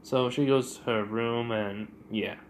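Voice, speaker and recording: A man's voice: mid-range voice, fairly even intonation, a little slow, a little hiss or hum. A man casually retelling a fan-made story in a rambling way, full of fillers.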